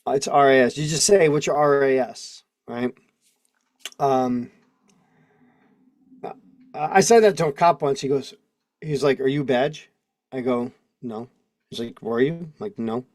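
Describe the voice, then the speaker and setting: A man's voice: mid-range voice, unhurried, pauses often, a little mellow, dry recording. A man in his forties hosting a casual livestream, rambling and laughing as he reads legal text aloud and comments. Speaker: host. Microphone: video call mic.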